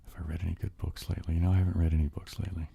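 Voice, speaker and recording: A man hosting a soft-spoken ASMR live stream, chatting casually with viewers and breathing whispered trigger words. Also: low voice, level tone, rapid-fire, gravelly, muffled recording, a little hiss or hum. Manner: chatty, answering viewers' comments.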